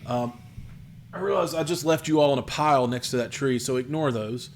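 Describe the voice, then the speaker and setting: A man running a tabletop game, narrating the scene in a mid-range voice with many pauses and fillers. A faint hiss sits under the recording. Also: mid-range voice, gravelly. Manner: descriptive, hesitant with many ums. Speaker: game master.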